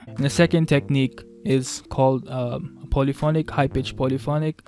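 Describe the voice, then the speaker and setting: Young man, beatbox tutor, casual rambling talk, monotone delivery, faint music behind. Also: mid-range voice, normal speed. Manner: rambling, self-correcting, playful.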